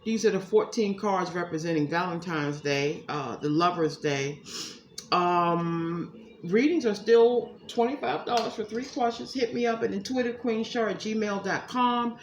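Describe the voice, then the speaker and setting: A woman's voice: medium pitch, a little slow, slight background noise. A woman giving a casual tarot reading to her viewers, chatty and emphatic, calling them y'all. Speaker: psychic tarot reader. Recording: echoey room, faint ambience.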